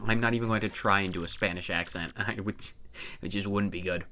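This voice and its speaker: Bright-voiced man commenting on gameplay. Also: on the low side, fairly even intonation. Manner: playful, chatty, quick asides. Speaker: let's-play commentator.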